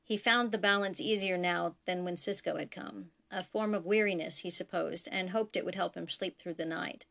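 Woman narrating her own story, gravelly voice. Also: fairly low pitch, normal speed, few pauses, fairly bright tone. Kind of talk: audiobook narration.

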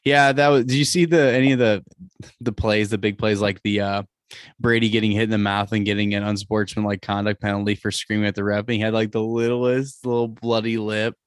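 A man's voice: lowish voice, steady tone, fairly quick, clean tone, no echo, studio quality. A man hosting a casual sports podcast, joking and laughing often as he leads the chat. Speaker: podcast host.

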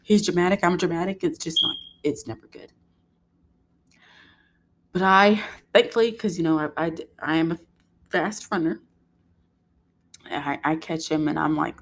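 Chatty young woman, low-pitched. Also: moderate pace. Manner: chatty, laughing asides, quoting herself scolding her son. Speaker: podcast host. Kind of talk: casual storytelling monologue.

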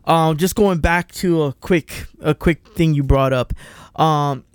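A man co-hosting a casual football podcast, lively and joking. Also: slow, clear, resonant tone, dry recording. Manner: lively, joking, swings in pitch. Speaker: podcast co-host.

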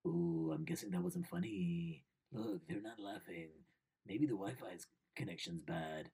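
Man voicing a gloomy doubting inner voice, low, quiet, muttering. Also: measured pace, husky, exaggerated voice. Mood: glum doubting.

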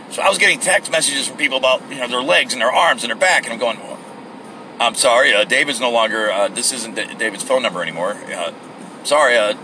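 A man's voice: medium pitch, noisy background. A middle-aged man hosting a casual solo podcast from his car, telling a rambling story and acting out the people in it with mock voices. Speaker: podcast host. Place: in a car, at a gas station.

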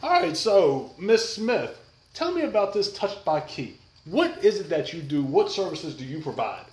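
A man's voice: a little high, very animated, moderate pace, a little mellow, echoey room. A man hosting a podcast, talking in a brash, blunt and joking way. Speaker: podcast host. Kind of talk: casual podcast chat.

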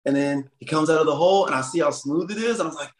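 A man's voice: fairly high pitch, rapid-fire, echoey room. A man guesting on a podcast, chatting casually with lots of "like" fillers. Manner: relaxed, filler-heavy, lots of "like".

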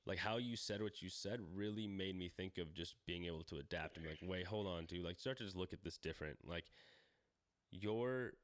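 A man's voice: low-pitched, a little fast, no room sound. A man in his thirties co-hosting a podcast, talking casually in a rambling, profane way full of fillers and restarts. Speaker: podcast co-host.

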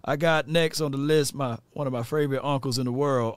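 A man's voice: mid-range voice, fairly even intonation, a little fast, smooth, dry recording. A man hosting a live sports call-in show, casual and laid-back, laughing often and saying "man" a lot. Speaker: sports show host taking calls.

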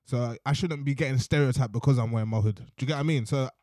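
A young man talks at a very rapid clip in a casual storytelling chat. His voice sits at an ordinary middle pitch and sounds dry and close. He is animated and slangy, and he keeps checking in with his listener. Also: dry recording. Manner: animated, slangy, repeats "innit" and "you know what I mean".

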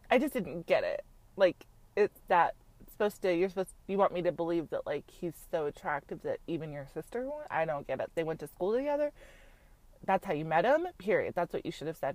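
A woman's voice: fairly low pitch, animated, moderate pace, darkish tone, no room sound. A woman giving a casual, gossipy recap of a reality show, frank and chatty, peppering her talk with "like" and the odd swear. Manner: chatty, frank, heavy use of "like", swears freely.

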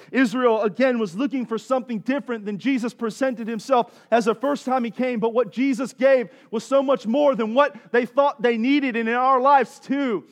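A man preaching a sermon as a pastor, impassioned and repeating phrases for emphasis. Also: very high-pitched.

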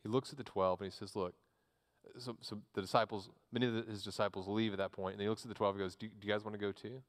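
A man's voice: fairly low pitch, fairly even intonation, fast, in a large hall. A man, a pastor preaching a sermon in a church, earnest and repeating words as he restarts his phrases.

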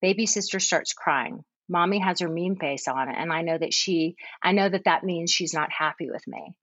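A woman reading aloud as a confused, jealous three-year-old older sibling, in a plain, gentle storytelling voice. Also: lowish voice, moderate pace, no room sound, highs cut off.

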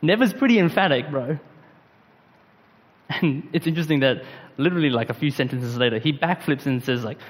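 A man preaching a sermon in a relaxed, conversational way, with slang and frequent fillers. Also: fairly high pitch, fairly quick, long pauses, long reverb tail. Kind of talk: casual sermon.

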